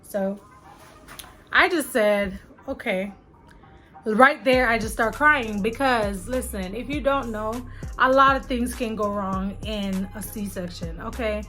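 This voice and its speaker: A young adult woman vlogger telling a personal story to her viewers in an animated, chatty way. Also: a little high, slow pace, soft background music. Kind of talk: casual storytelling to camera.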